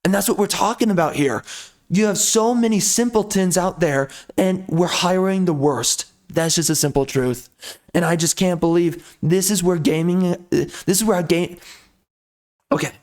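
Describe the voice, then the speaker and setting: A man's voice: high-pitched, normal speed, a little mellow. A man giving a ranting commentary, blunt and repetitive, venting frustration at length. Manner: ranting, repeats himself, blunt. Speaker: video commentator.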